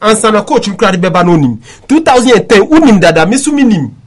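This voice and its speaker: Ghanaian male sports radio host, high pitched, insistent, argumentative chat. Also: big pitch swings, quick pace. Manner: insistent, repeatedly addresses co-host by name. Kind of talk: heated sports talk chat.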